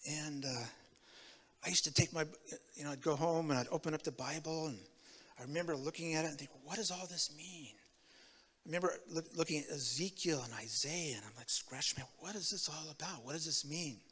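A man from Tacoma, Washington, giving a sermon with his personal testimony, telling it in an animated way that swings from loud to hushed. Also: on the high side, fairly quick, long reverb tail. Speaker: guest preacher. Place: church sanctuary.

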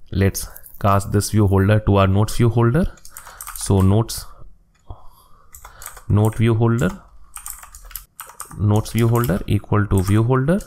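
Low gravelly man explaining code. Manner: steady step-by-step explaining, narrating each click. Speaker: coding tutorial host. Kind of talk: screen-recorded coding tutorial.

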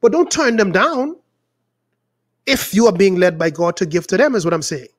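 A man's voice: high-pitched, sing-song, normal speed. A man preaching as a pastor, praying and exhorting his listeners in a fervent voice that rises and falls, stretching words for emphasis. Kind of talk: preaching prayer and sermon.

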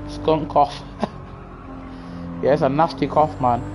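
A man casually chats on a live stream, answering viewers in slangy, easygoing bursts. His voice sits a little high for a man. Clear music and engine noise run behind his headset mic. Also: fairly even intonation, slow pace. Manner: chatty, answers chat, slangy. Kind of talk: casual live-stream chat over gameplay. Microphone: gaming headset. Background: car engine noise and music.

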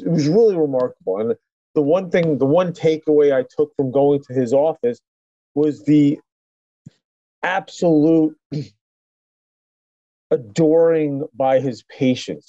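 A man's voice: mid-range voice, warm tone, no room sound, highs cut off. A middle-aged man, a chiropractor, telling his story in a casual interview with many restarts and fillers. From New York. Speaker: chiropractor guest.

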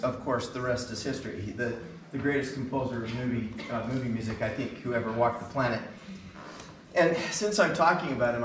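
A man's voice: mid-range voice, fairly bright tone. Brief: middle-aged man, eager storyteller onstage, some distance from the mic, hall echo, faint room noise. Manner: enthusiastic anecdotal storyteller, many fillers. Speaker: band concert speaker. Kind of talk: storytelling from stage.

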